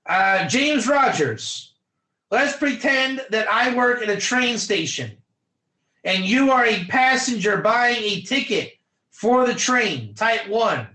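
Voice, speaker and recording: A high-pitched man teaches an online class as a rabbi, his voice bright and ringing in an echoey room. He is animated, acts out little scenes and calls on students by name. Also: slow pace. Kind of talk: lively online Torah class.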